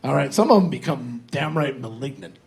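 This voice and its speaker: A man's voice: mid-range voice, lively intonation, fairly quick, darkish tone. A man in his forties doing a crude, loose stand-up set, chatting with the audience from a comedy club stage on a handheld mic. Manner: crude, loose, crowd-working.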